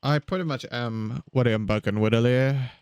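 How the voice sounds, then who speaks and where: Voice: medium pitch, normal speed, a little mellow, clean tone, no echo, studio quality. A streamer chatting casually during a gaming livestream, playful and jokey, with sudden silly roars and sing-song bits.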